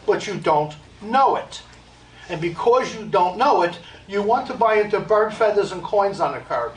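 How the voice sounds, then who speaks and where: An American medium speaks live to an audience in an event hall, blunt and emphatic, repeating his points with joking asides. His voice is high-pitched with lively intonation at a moderate pace, picked up by a distant mic in an echoey room.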